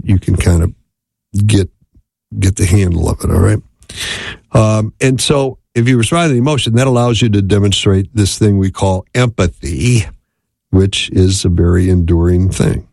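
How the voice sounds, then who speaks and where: A man's voice: lowish voice, vocal fry, a little mellow, no echo. A man giving a conversational talk on listening in marriage, often checking in with the listener. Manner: conversational, repeats "right?" to check in. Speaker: marriage teacher. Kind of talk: instructional talk.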